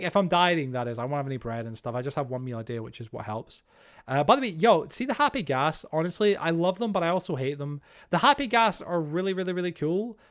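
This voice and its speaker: Fast-chatting young man streamer. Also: sits high. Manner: chatty, reads chat aloud, many fillers and restarts. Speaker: game streamer. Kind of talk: live-stream chat while playing.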